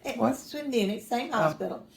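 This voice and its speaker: A woman's voice: fairly high pitch, animated, normal speed, creaky, a little hiss or hum. Older woman telling family stories, roomy. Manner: rambling, self-correcting, dry humor with chuckles. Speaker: mother recalling family stories. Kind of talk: casual personal storytelling.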